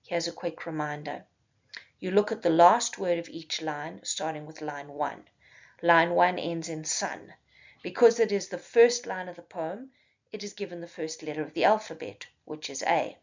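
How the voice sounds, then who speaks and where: Woman teacher, low gravelly voice, patient step-by-step slide lesson, dull lo-fi sound. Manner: slow, careful explaining with spelled-out examples.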